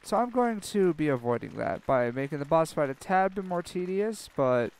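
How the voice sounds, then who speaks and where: A man's voice: fairly high pitch, expressive, moderate pace, clean tone. Sarcastic young man commentating a game. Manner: sarcastic, self-mocking, swears, panics loudly. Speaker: let's play commentator. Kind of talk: casual gameplay commentary.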